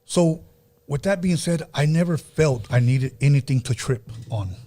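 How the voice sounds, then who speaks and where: A man's voice: a little high, normal speed, dark tone. A man hosting a podcast, speaking earnestly and reflectively, with frequent restarts. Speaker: podcast host. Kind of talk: casual podcast talk.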